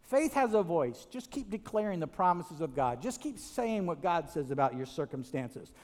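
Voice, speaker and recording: Man, preacher, sermon, high voice, echoing church hall, restarts and asides. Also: moderate pace. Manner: animated storytelling with many restarts and "right?" asides.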